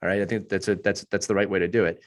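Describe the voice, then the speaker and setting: Hoarse man, earnest podcast coach. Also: low voice, flat delivery, very fast. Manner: earnest and emphatic, repeats points for stress. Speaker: youth hockey coach and podcast panelist. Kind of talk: podcast panel discussion.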